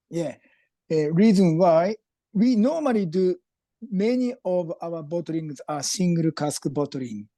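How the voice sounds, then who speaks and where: A man with a Japanese accent, a guest leading an online whisky tasting in halting, joking English over a video call. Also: a little high, dark tone, no echo.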